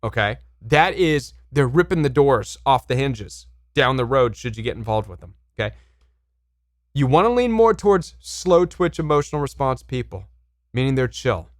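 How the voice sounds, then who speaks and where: Guy coaching on relationships to camera, mid pitch, dry close sound, keeps repeating and asking if it makes sense. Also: very animated, normal speed, no room sound. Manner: emphatic, repeats words, asks viewers questions. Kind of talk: direct-to-camera advice talk.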